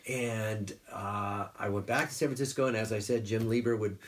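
A middle-aged man, a voice actor, telling career stories in a relaxed interview and slipping into quick character voices. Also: fairly low pitch, a little hiss or hum. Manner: animated storyteller who slips into quick character voices. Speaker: guest voice actor. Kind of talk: casual interview storytelling.

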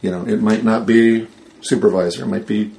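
A man in a casual interview, telling a rambling, animated story and acting out the people he quotes. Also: lowish voice, fairly quick, creaky. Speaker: guest.

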